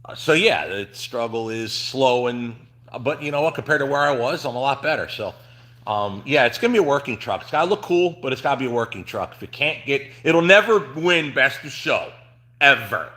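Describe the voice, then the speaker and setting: A middle-aged man from New Jersey hosts a casual trucking livestream from his shop. His voice is bright and forceful at an ordinary pitch. He rambles, restarts sentences and fills pauses with ums and uhs. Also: expressive. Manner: rambling, chatty, frequent fillers and restarts. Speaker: trucking channel host.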